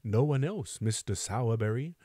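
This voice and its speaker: A man voicing a stern, pompous parish official who speaks gruffly and scolds during a storybook reading. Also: mid-range voice, expressive, normal speed, mellow, dry recording, clean studio sound.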